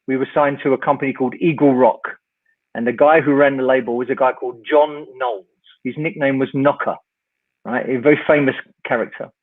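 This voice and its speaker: An older man spins a long, wry story, slipping into the voices of the people in it. His pitch sits mid-range for a man. The sound comes through a thin, tinny call line. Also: brisk. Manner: lively raconteur, wry, acts out the dialogue. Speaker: guest, rock singer. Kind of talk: storytelling anecdote in an interview.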